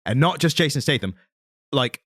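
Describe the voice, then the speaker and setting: A man's voice: medium pitch, lively intonation, moderate pace, fairly bright tone, dry recording, studio quality. An English man co-hosting a casual podcast chat, meandering and hedging with fillers. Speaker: podcast co-host.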